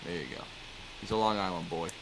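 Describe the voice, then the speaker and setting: A man's voice: low voice, fairly even intonation, fast talker, a bit bright, slight background noise. A man hosting a podcast, joking in casual comedy chat and swearing freely. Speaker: podcast host.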